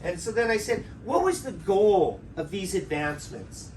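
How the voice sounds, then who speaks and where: A pastor preaches in a loose, conversational way, drawing answers out of the congregation and tagging his points with "right?". His voice sits fairly high for a man. He is recorded from some distance, with faint noise underneath. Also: very animated, moderate pace, a little mellow. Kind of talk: interactive sermon.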